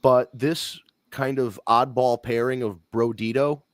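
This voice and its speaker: A man's voice: mid-range voice, steady tone, a little slow, no echo. A man talks shop on a wrestling podcast in a blunt, rambling way, swearing as he goes. His voice sits in a middle range. The sound is close and dry, with no room around it. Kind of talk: casual wrestling talk.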